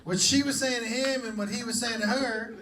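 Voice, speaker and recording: A man doing live stand-up on a comedy club stage, telling a story in an animated, profane way. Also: very high-pitched, fairly quick, far from the mic, background noise. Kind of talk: live stand-up crowd work.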